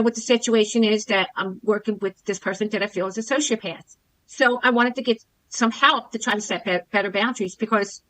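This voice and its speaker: A middle-aged woman with a somewhat high, bright and forceful voice recounts her past in a personal testimonial to camera. She is earnest and comes back again and again to the things that bothered her, stressing each grievance. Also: low-quality recording. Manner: earnest, repeats herself, emphatic on grievances. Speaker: former coaching client telling her experience.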